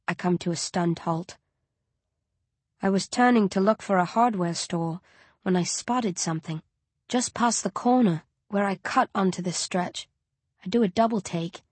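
A woman narrating a first-person story for an audiobook in a measured, tense storytelling voice. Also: medium pitch, dry recording.

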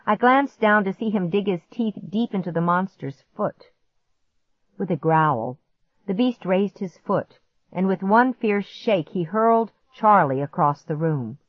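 A woman narrating a storybook in a measured, vivid first-person reading. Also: mid-range voice, expressive, no echo. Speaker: audiobook narrator. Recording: dull muffled audiobook recording.

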